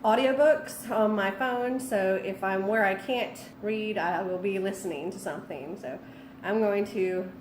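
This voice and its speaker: A woman's voice: medium pitch, measured pace, a little hiss or hum. Bubbly young woman book vlogger. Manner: bubbly, excitable, giggly. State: tired. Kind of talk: casual vlog chat.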